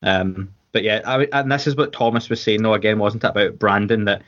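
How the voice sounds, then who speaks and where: Scottish man, podcast co-host, rambling casual chat, lowish voice, dull lo-fi sound. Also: fairly even intonation, fairly quick, fairly bright tone. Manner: chatty, rambling with restarts and fillers.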